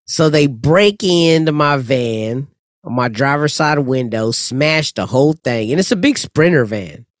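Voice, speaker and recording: A man's voice: mid-range voice, animated, a little slow, no echo, studio quality. Blunt, profane man telling a story. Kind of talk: casual chat.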